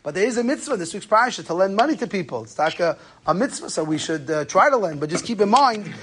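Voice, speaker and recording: A man giving a Torah class on Jewish law, telling stories in a lively way and mixing in Hebrew and Yiddish terms. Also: sits high, fast talker, slightly rough. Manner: animated storytelling, Yeshiva-style Hebrew and Yiddish terms. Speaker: rabbi lecturer.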